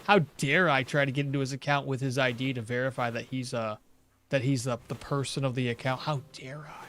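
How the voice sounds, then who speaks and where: A young man streaming a survival game, chatting loosely and telling a profane story with sudden loud outbursts. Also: mid-range voice, fairly even intonation, fairly quick, slight background noise. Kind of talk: casual gameplay commentary.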